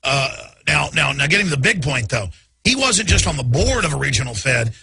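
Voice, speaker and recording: A man's voice: a little high, big pitch swings, fairly quick, vocal fry, sharp tone. A man hosting a political talk show, speaking in a blunt, emphatic, mocking way.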